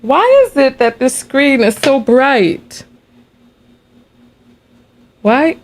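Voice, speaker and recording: A woman's voice: on the high side, slow pace, pauses often. Chatty woman hosting a livestream. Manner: animated, chatty, laughs between remarks. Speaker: livestream host. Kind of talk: casual livestream storytelling.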